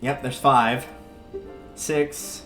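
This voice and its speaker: A man's voice: medium pitch, fairly even intonation, very slow, a bit bright. A man in the middle of his natural range talks through a game on a livestream in a loose, chatty way. His humor is dry and wry, and faint game music sits under his voice. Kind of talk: casual gameplay commentary.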